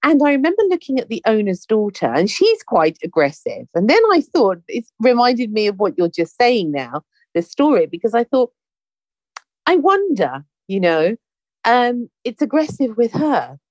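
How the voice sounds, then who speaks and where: A woman hosting a conversation, telling a story in a chatty, animated way and acting out the dialogue. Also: fairly high pitch, moderate pace, no room sound. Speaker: podcast host. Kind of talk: casual anecdotal storytelling.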